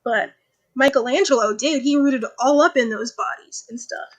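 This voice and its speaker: A woman's voice: high voice, moderate pace. A young woman co-hosting a podcast in casual, slangy, joking chat. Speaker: podcast co-host.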